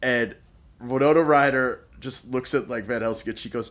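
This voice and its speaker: A man's voice: mid-range voice, steady tone, normal speed, a bit bright. A man on a film podcast, telling a story about a scene, laughing through it and swearing casually. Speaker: podcast guest. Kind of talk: casual movie podcast chat.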